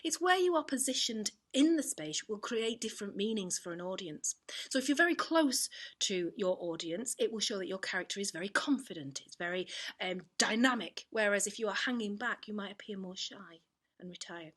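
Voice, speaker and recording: A woman teaching an online drama lesson, explaining clearly and demonstrating examples with her voice. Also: medium pitch, lively intonation, brisk, a bit bright. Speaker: performing arts teacher.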